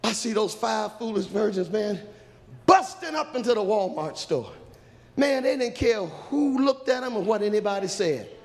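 A man preaching a humorous storytelling sermon in a church, often shouting. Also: high voice, expressive, moderate pace. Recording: echoey church hall.

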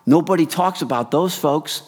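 A man preaching a sermon in a casual, animated way, swinging from hushed lines to loud excited bursts. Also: on the high side, moderate pace, husky, big-room sound. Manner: casual, addresses the crowd as "you guys".

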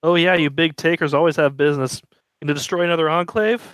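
A man's voice: a little high, steady tone, quick pace, fairly bright tone, natural voice. A man voicing a bitter survivor. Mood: accusing. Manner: accusing, swearing. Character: angry male survivor whose home fell.

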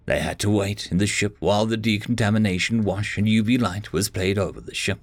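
A man's voice: lowish voice, brisk, no room sound. A man narrating a story as an audiobook reader, lifting his voice a little for the characters' lines.

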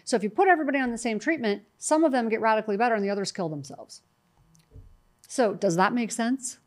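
A middle-aged woman, a guest in an interview, talking in a lively, storytelling way and acting out what others said to her. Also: a little high, fast. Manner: animated storytelling, quotes herself and others. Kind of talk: conversational interview.

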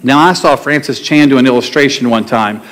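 A man's voice: mid-range voice, a little fast, a bit bright. A male pastor preaching a sermon to his congregation in a conversational way, asking them questions and telling stories. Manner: conversational, asks the congregation questions and tells jokes. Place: church sanctuary before a congregation.

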